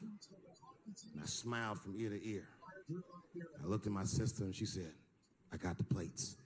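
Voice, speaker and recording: A man performing a stand-up comedy routine on stage, telling a story animatedly and acting out the people in it. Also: medium pitch. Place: stage before a live audience. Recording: live stage recording with audience noise.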